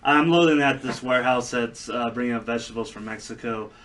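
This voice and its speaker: Bright rambling South Dakota trucker man. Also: medium pitch, brisk, far from the mic. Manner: rambling anecdotes with fillers and restarts. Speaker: podcast co-host, truck driver. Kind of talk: casual chat.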